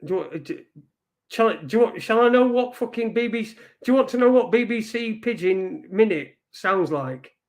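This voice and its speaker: Man, high voice, live-stream host, rambling, swears a lot, casual news chat. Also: expressive, normal speed. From Britain. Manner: rambling, swears often, reads headlines aloud.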